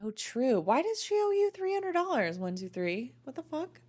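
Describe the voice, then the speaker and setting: A woman's voice: high voice, moderate pace. Blunt, swearing woman livestream co-host. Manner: blunt, swears freely, animated storyteller. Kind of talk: casual chat.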